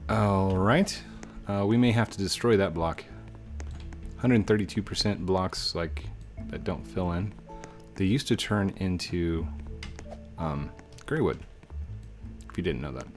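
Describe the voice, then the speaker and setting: A man's voice: deep voice, a little slow, long pauses, faint music behind. A man casually commenting while he plays a building game, chatting to himself and his viewers. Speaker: let's play host.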